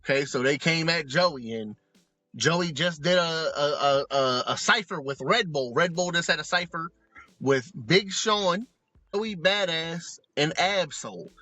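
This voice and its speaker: A man co-hosting a comedy podcast, talking in an animated, profane, joking way. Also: a little high, measured pace, dry recording, highs cut off. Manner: animated, profane, joking, does mock voices in asides. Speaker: podcast co-host. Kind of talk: casual comedic commentary. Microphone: remote recording, close mic.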